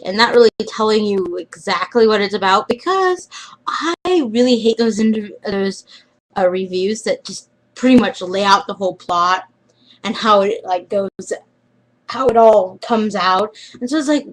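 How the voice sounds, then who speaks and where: A young woman chatting casually in a vlog, rambling and trailing off, often dropping into quiet mumbles. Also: mid-range voice, normal speed, rough recording. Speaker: vlogger.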